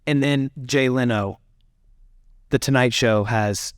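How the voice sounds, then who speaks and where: A man's voice: medium pitch, slow pace, clean tone, no echo, clean studio sound. A man hosting an interview, recapping events and prompting his guest to tell more. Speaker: interview host. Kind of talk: interview questions.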